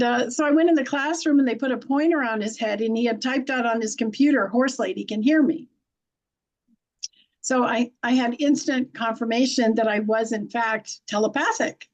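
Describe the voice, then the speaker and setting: A middle-aged woman with a high voice tells stories in a blunt, folksy manner. She laughs easily and speaks in an unpolished, chatty way. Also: darkish tone, low-quality recording. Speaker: guest, intuitive and animal communicator. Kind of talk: conversational storytelling.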